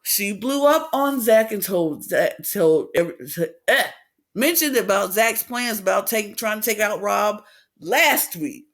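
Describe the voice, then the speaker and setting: High-voiced animated man recapping reality TV. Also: a little slow. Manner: animated retelling, acts out quotes with big pitch swings. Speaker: podcast co-host. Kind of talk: casual reality-TV recap chat.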